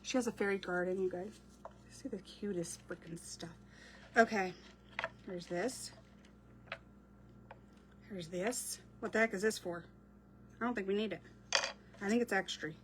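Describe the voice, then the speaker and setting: A woman's voice: medium pitch, measured pace, pauses often. Woman, casual crafting chatter, talks to viewers mid-project, faint clicks and noise behind. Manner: chatty, reads out and answers viewer comments while working. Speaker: craft creator. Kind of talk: casual crafting livestream chat.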